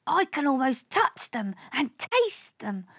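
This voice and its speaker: A woman's voice: sits high, big pitch swings, takes it slowly, dry recording, clean studio sound, full character voice. A woman voicing a timid, small male alien explorer in a storybook, speaking in a nervous, fretful way.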